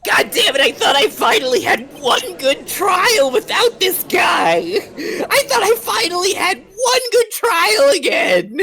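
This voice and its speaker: A woman playing an exasperated shouting prosecutor. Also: very high-pitched, big pitch swings, unhurried, few pauses, pitched above the performer's own voice, exaggerated voice.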